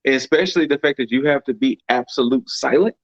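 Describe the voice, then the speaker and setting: A man's voice: mid-range voice, fairly quick, dry recording, muffled recording. A man co-hosting a podcast in casual chat, with a laid-back manner and free swearing. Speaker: podcast co-host.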